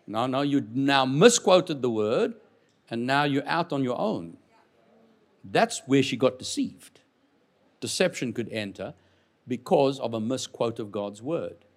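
A man preaching a sermon as pastor, animated and joking with the congregation, swinging from loud to quiet. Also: mid-range voice, a little slow. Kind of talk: lively sermon.

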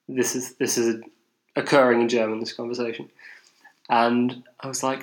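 A man's voice: mid-range voice, level tone, a little slow, low-quality recording. A young man from England telling a long story on a podcast in a rambling, self-mocking way, full of restarts and fillers. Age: young adult. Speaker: podcast co-host. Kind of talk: casual storytelling chat.

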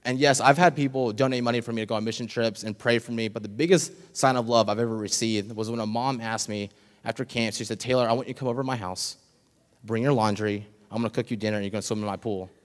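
A young adult man, a summer church intern, gives a personal testimony to the congregation in a church sanctuary. His medium-pitched voice stays steady in tone as he speaks earnestly and emotionally, pausing with "um"s. Long hall reverb fills the recording.

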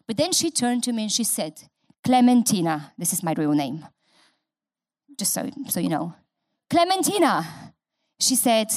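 A woman's voice: mid-range voice, very animated, normal speed, pauses often, dry recording. A woman pastor telling a personal testimony in a sermon, building to rousing calls to the congregation. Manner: storytelling, building to rousing call-and-response preaching.

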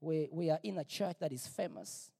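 A middle-aged male pastor preaching a personal testimony, emphatic and repetitive, sometimes rising to near-shouts. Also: a little high, moderate pace, gravelly, slightly rough. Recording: long reverb, big hall.

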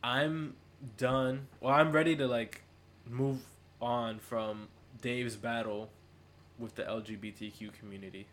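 A young man co-hosting a casual podcast, relaxed and slangy and quick to laugh. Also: medium pitch, a little hiss or hum. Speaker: podcast co-host.

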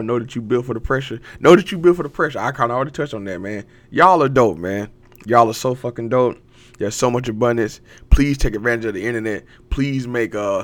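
A man's voice: medium pitch, fairly bright tone. Hyped, profane man in a rambling pep talk. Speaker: podcast host. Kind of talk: casual motivational monologue.

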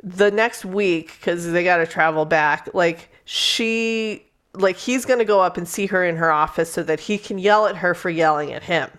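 A woman's voice: fairly low pitch, normal speed. A woman co-hosting a podcast, chatting casually about a book she disliked, swearing freely and acting out the characters' lines. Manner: animated, profane, acts out characters' lines. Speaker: podcast co-host. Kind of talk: casual book review chat.

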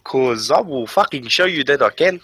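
A man's voice: mid-range voice, expressive, normal speed, sharp tone, breathy edge, no echo, full character voice. A man voicing a brash, confrontational South African authority officer in a put-on South African accent during a tabletop game. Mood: challenging.

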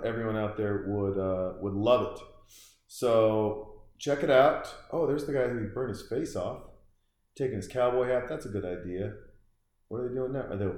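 A man's voice: on the low side, darkish tone. Rambling male podcast host in an echoey room. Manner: rambling and loose, with frequent fillers and restarts. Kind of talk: casual chat, reacting to a film while drinking beer.

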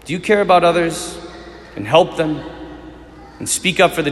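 A Catholic priest preaching a sermon in a church. He tells stories with animation, swells into fervent appeals, and drops to hushed questions. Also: fairly high pitch, normal speed, pauses often, slight background noise. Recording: long reverb of a large hall.

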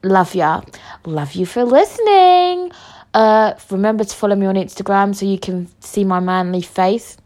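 A woman's voice: mid-range voice, little pitch movement, normal speed, few pauses, darkish tone. A young woman, hosting a casual story-time podcast, brash and jokey, swearing freely and rambling through her rants. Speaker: podcast host.

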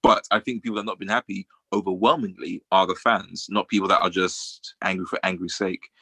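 Brief: male podcast co-host, very deep voice, dry close sound, thoughtful and easy to laugh. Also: steady tone, pushed and bright, slightly rough, no room sound. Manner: measured and reflective, laughs easily. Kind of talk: casual chat.

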